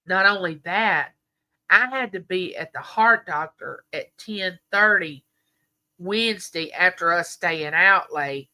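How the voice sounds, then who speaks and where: A woman's voice: fairly low pitch, a little slow, pushed and bright. A middle-aged woman, chatting with viewers on a livestream and telling stories full of quoted dialogue. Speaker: livestream host. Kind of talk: casual chat with viewers.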